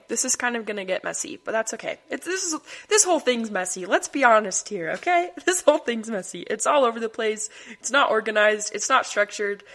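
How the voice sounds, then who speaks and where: A woman's voice: medium pitch, fairly bright tone. A young woman hosting her own podcast, talking casually and rambling, often breaking into laughter. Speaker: podcast host. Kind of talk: casual solo podcast monologue.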